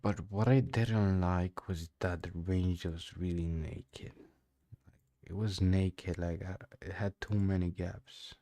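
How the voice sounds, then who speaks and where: A man's voice: sits low, fairly even intonation, takes it slowly, dark tone. A young man who speaks English as a second language, giving casual, slangy commentary while trading live. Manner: casual and slangy, often says "bro"; non-native English speaker. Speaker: day trader streaming live.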